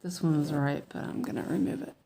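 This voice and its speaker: A woman's voice: low voice, fairly even intonation, quick pace, vocal fry, dark tone, a little hiss or hum. A woman chatting casually while she cross-stitches on a livestream, rambling with fillers and restarts and a slight lisp. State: slightly lispy from medicine.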